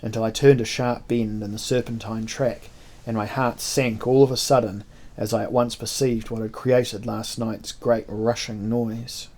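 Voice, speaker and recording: A man narrating a historical adventure novel in the first person, with measured, expressive storytelling. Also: on the low side.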